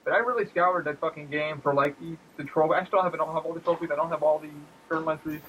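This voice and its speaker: A man's voice: racing, slight background noise, poor audio. A man on a casual gaming podcast, telling stories animatedly and acting out quotes in squealing voices, swearing freely. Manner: animated storyteller who acts out quotes in squealing high voices, swears a lot. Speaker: podcast co-host.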